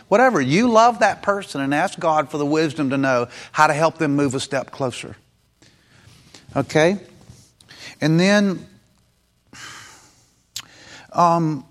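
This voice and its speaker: A man's voice: mid-range voice, expressive, normal speed. A man preaching a sermon in an earnest, conversational way, acting out short bits of dialogue. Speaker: pastor.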